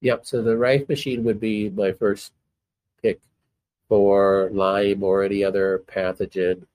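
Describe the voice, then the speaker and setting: Male doctor guest, low voice, relaxed and explanatory, dry sound. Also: a little slow, no room sound. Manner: relaxed, many fillers and restarts. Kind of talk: explanatory conversation.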